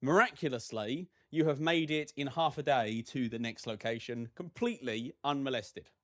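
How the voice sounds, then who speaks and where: Relaxed male game master, hesitant, narrating. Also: mid-range voice, moderate pace, dry recording, studio quality. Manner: casual, hesitant with fillers.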